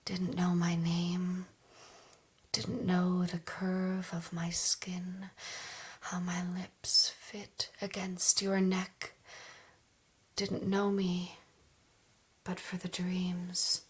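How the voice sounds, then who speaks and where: A woman at an open mic reading poems aloud in a soft, measured way, dropping into hushed, whispered phrases. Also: fairly low pitch, monotone, husky. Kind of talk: poetry reading.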